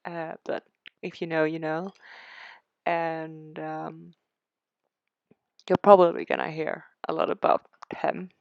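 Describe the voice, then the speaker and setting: A woman's voice: low voice, level tone, takes it slowly, vocal fry, long pauses, clean tone, no room sound. A young Swedish woman with a Swedish accent, chatting casually and sarcastically over a game build, rambling and self-deprecating. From Sweden. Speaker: game build video creator. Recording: dull, lo-fi dry sound.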